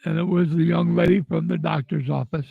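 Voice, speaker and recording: A man's voice: on the high side, fairly even intonation, fairly quick, creaky, slightly rough, dry recording, phone-quality sound. An older man telling a personal story in a casual, angry and blunt way, swearing freely. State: upset. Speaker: vlogger telling personal stories.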